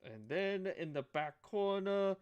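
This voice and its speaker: A man narrating a tabletop game as game master, halting and restarting phrases as he goes. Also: high-pitched, animated, clear, resonant tone, highs cut off.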